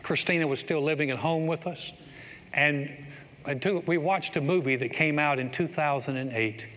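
Bright-voiced middle-aged pastor in a reverberant hall. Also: male voice, fairly high pitch, moderate pace. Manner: storytelling, builds to excited exclamations. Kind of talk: sermon. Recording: long hall reverb, faint ambience.

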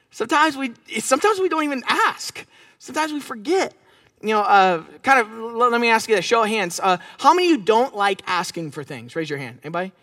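A man's voice: high voice, no room sound, studio quality. A man preaching a conversational sermon, telling stories and asking the congregation questions. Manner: conversational, animated storytelling with audience interaction. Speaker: pastor. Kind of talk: sermon with storytelling. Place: church service.

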